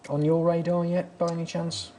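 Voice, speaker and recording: A man's voice: fairly high pitch, level tone, normal speed, dark tone, slight background noise. A man hosting a TV talk show, chatty and backchanneling often, with small restarts. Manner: chatty, with frequent mm-hmms and restarts. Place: TV studio.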